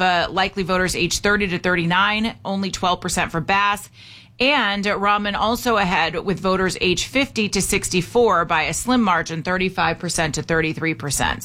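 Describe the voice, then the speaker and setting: A woman's voice: mid-range voice, pushed and bright. A woman hosting a talk radio show, chatty and opinionated as she reads news and repeats the call-in number.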